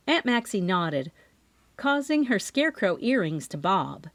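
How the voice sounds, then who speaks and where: A woman reads a cozy mystery aloud in the first person, her pitch rising and falling with lively expression. Her voice sits in a middle register. The recording is dry and close, with no room sound behind her. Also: a little slow, dry recording. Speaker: audiobook narrator. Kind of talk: scripted narration.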